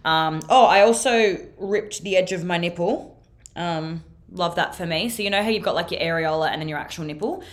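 A young woman with a fairly low-pitched voice hosts her podcast solo, telling a story as casual chat. She talks in a loose, chatty flow, full of fillers and frequent swearing. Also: normal speed. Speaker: podcast host.

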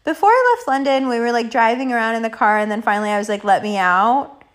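Woman, podcast host, fairly high voice, casual confessional storytelling, rambling, lots of "like", swearing, laughing. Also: rapid-fire. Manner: rambling, many "like" fillers, swears freely, laughs often.

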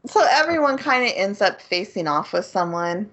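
A woman's voice: mid-range voice, animated, moderate pace, fairly bright tone. A woman co-hosting a casual anime podcast, recapping the plot with giggles and frequent ums. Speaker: podcast co-host. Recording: slightly dull lo-fi recording.

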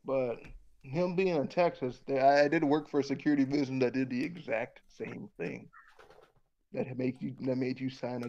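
A man's voice: mid-range voice, steady tone, moderate pace, vocal fry, a little mellow, highs cut off. A man in casual conversation who rambles, restarts often, repeats words and swears bluntly.

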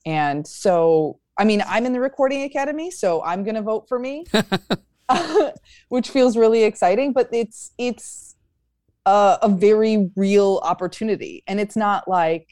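A woman's voice: mid-range voice, lively intonation, normal speed, darkish tone, dry recording, clean studio sound. A young adult woman comedian chatting in an interview, upbeat, with frequent fillers and restarts. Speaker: stand-up comedian guest. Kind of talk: casual interview chat.

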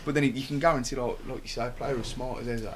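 A man's voice: mid-range voice, fairly even intonation, quick pace, slight background noise. A man on a football podcast panel, thinking aloud in casual chat and often restarting his sentences. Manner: thoughtful, with frequent restarts.

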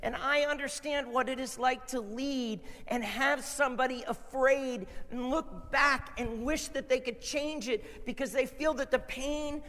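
Pastor guy preaching hard, quiet one minute then shouting, big echoey church sound. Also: extremely high pitch, unhurried, few pauses. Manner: impassioned, swings from hushed to shouting. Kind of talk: sermon. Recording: long reverb of a large hall.

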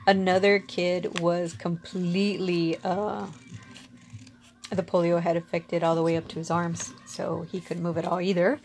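A woman's voice: fairly low pitch, slight background noise. A woman telling a personal story in a casual, candid way. She speaks frankly, swears casually and often laughs. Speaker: storyteller sharing personal experience.

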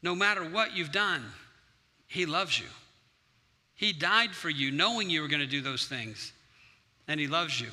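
A man's voice: on the high side, measured pace, long pauses, bright, forceful tone. A man preaching a sermon as pastor, earnest and conversational, acting out his own prayers. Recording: long hall reverb.

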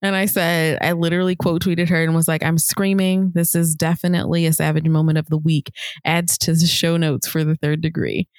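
A woman in her thirties co-hosting a podcast, telling a story casually and acting out the people she quotes in higher voices. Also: fairly even intonation, brisk, darkish tone, no echo, studio quality. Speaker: podcast co-host.

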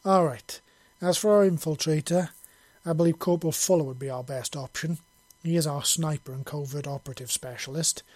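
A man's voice: a little high, a little mellow, no room sound, close to an everyday voice. A man voicing a stern female military commander who gives clipped, commanding orders.

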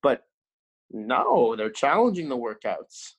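A man's voice: medium pitch, slow. A man in casual podcast chat, a personal trainer talking bluntly with heavy swearing and lots of restarts, sore from a workout. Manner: blunt, swears constantly, animated.

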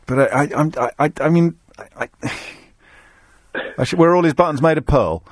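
A man hosting a radio phone-in, chatting with callers in a quick-witted, teasing way and often restarting his sentences. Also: fairly high pitch, dry recording, clean studio sound. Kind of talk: casual radio phone-in chat. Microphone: studio microphone.

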